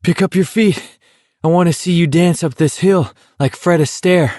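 A man's voice: on the high side, normal speed, darkish tone, no echo, voice pushed up, close to an everyday voice. A man voicing a wry, needling teenage boy who talks between pants. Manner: dry, needling, panting.

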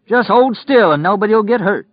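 A man voicing a jittery small-time male grifter who hollers in a high, strained voice. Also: lively intonation, a little slow, no room sound, lo-fi sound. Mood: barking.

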